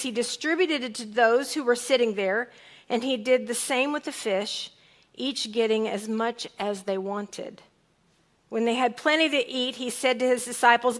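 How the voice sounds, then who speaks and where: Bright-voiced woman pastor preaching. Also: fairly high pitch. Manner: expressive, reads scripture aloud and acts out lines in different tones. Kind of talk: sermon. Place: church sanctuary.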